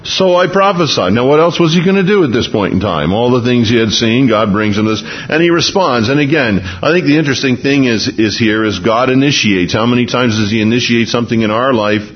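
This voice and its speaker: A man's voice: mid-range voice, animated, a little fast, hardly any pauses, husky, dull audio. A man preaching an expository sermon in a conversational way, with restarts and small chuckles. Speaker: pastor.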